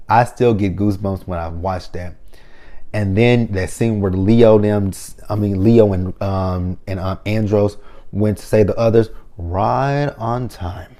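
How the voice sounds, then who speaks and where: A man giving casual, excited fan commentary as a vlogger, rambling and getting himself hyped up. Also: low-pitched, normal speed. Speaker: vlogger ranking team-up episodes.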